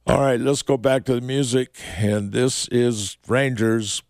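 Slow, gravelly-voiced male radio DJ. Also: mid-range voice, steady tone, a little mellow, dry recording, studio quality. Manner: unhurried, reads the forecast in short halting phrases. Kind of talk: radio DJ patter and weather forecast. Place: radio studio.

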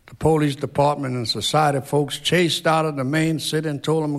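A man introducing a song from a concert stage in a slow, folksy storytelling manner. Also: fairly high pitch, fairly even intonation, vocal fry. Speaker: banjo player and singer. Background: banjo playing.

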